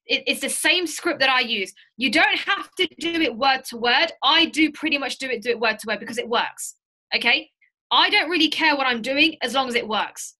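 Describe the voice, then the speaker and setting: A high-pitched woman with a bright, forceful voice leads a sales training session. She talks with emphatic energy, repeating key lines to drive them home. She is heard over a video call. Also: expressive, brisk. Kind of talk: live training session with role-play.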